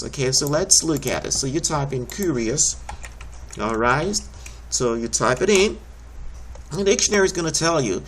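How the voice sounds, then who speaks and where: A man's voice: on the high side, a bit bright. A man teaching a recorded homeschool lesson, explaining each step patiently and encouragingly.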